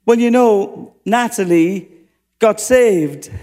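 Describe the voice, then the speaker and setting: A man preaching from the pulpit, telling personal stories with earnest conviction. His voice sits noticeably high for a man. The sound carries a long reverb, as in a large hall. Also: slow, dark tone, slight background noise. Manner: earnest, story-telling with quoted dialogue. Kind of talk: sermon storytelling.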